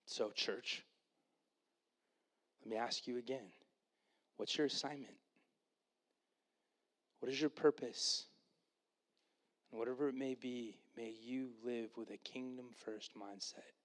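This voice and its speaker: A male pastor delivering a sermon at a middle pitch. He tells the story with energy and sometimes puts on voices for the people in it. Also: slow pace, long pauses. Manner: animated, acts out the Bible characters in voices.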